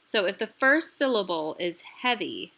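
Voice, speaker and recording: Woman instructor, mid-pitched, bright tone, clear patient explanations over slides. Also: big pitch swings, moderate pace. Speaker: language teacher presenting. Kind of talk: recorded slide lecture.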